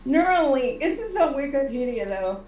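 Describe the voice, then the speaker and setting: A woman co-hosting a casual online chat show, chatty and quick to giggle. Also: sits high, sing-song, darkish tone, a little hiss or hum. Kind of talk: casual video-call chat. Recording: echoey room, distant mic.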